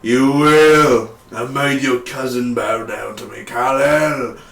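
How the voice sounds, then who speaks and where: A man's voice: mid-range voice, takes it slowly, vocal fry, fairly bright tone, distant mic. A man mimicking a boastful threatening villain. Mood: menacing. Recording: roomy echo.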